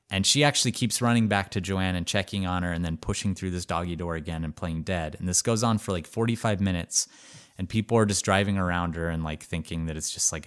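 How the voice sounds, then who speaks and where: A man co-hosting a podcast, telling a story in a casual, animated way with lots of "like" fillers. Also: low voice, smooth. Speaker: podcast co-host.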